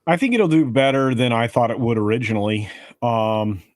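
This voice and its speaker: A man on a casual panel chat, thinking aloud in a measured way. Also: medium pitch, no echo, clean studio sound.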